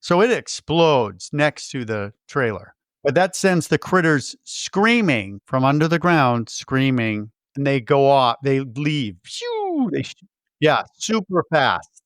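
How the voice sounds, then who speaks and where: A man's voice: medium pitch, slow, dry recording, studio quality. A man co-hosting a podcast, chatting casually about a film and acting out its lines as he retells scenes. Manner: animated retelling, acts out movie lines. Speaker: podcast co-host.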